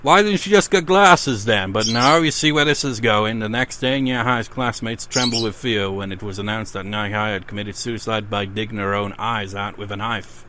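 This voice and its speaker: Playing a horror game for a let's play, a man reads its ghost stories out loud and follows them with swearing, laughing rants and casual remarks. He talks at a normal speed with few pauses in a lowish voice, and there's background noise.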